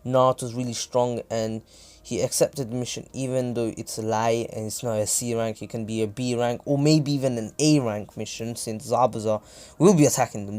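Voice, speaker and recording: A man's voice: mid-range voice, darkish tone. A man casually telling a fan-fiction story, rambling with lots of fillers. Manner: rambling, many fillers and restarts.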